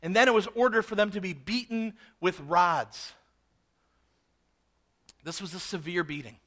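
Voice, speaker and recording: A man preaching a sermon, expressive, swinging from loud emphasis to hushed low words. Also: unhurried. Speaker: pastor.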